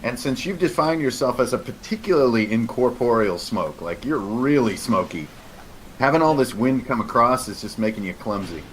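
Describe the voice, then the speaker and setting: A man's voice: mid-range voice, expressive, moderate pace, poor audio. Young guy game master describing the scene, faint hiss behind. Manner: descriptive, laughs easily. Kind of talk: narrating a tabletop game.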